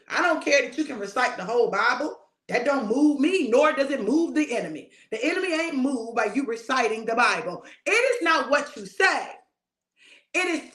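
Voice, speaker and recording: Woman minister, informal sermon, emphatic and direct, fairly high voice, roomy echoey sound. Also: a bit bright. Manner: emphatic and conversational, addressing listeners directly. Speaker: prophetic minister.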